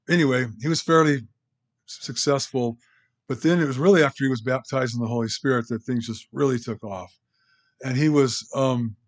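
A pastor preaching a conversational sermon, rambling with restarts and asides to the congregation. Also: male voice, mid-range voice.

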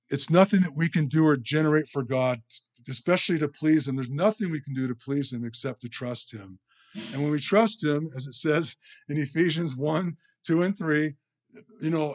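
A man preaching a conversational sermon, often checking in with the listeners with "you know" and "right?". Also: on the high side.

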